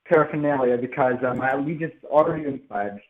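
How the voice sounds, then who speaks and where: A young man from Seattle talks on a call-in show over a thin, tinny phone line. His voice sits at an ordinary middle pitch. He chats earnestly, with a slightly formal touch. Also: fast. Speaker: caller. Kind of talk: casual chat.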